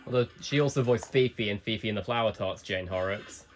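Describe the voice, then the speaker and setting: A woman with a very deep voice comments casually on a show she is watching. She muses aloud, questioning and adding chatty asides. Faint music plays under her talk. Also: brisk. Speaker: reaction video host.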